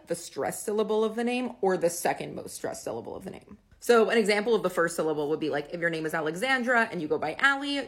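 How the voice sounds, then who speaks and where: Chatty woman with a lowish voice. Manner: chatty, filler-heavy, lively upswings. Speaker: language explainer. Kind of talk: casual explainer video.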